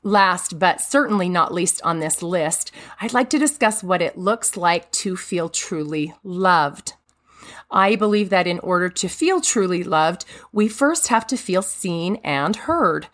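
A woman who is a mother, giving an earnest, emphatic devotional talk with a warm manner. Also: on the low side, animated, unhurried. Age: adult mother. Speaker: speaker.

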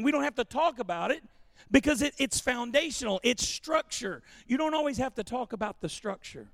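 A man preaching a sermon as pastor, joking and animated, calling for congregation responses. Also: very high-pitched, creaky, dry recording, clean studio sound. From Louisiana.

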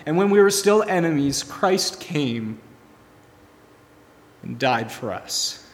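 A man preaching a sermon, telling a story and swinging from soft, hushed lines to emphatic ones. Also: fairly high pitch, animated, slow, long reverb tail. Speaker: pastor.

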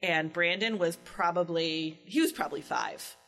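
A woman's voice: fairly low pitch, normal speed. Mom in her 40s chatting, acts out every quote, music faintly behind. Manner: animated storyteller, acts out quotes. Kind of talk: casual chat.

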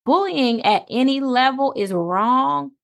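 A woman's voice: sits high, animated, takes it slowly, gravelly, fairly bright tone. A woman co-hosting a podcast, speaking in a reflective, emphatic way and laying out her points one by one. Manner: reflective, emphatic, list-like statements. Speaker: podcast co-host. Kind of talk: casual podcast conversation.

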